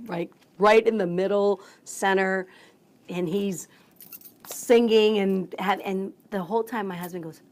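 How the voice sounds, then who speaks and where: A woman, a radio emcee, telling a story as a guest in a bubbly, excitable way, acting out the voices of the people in it. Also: mid-range voice. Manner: bubbly, excitable, acts out quotes. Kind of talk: animated storytelling in conversation.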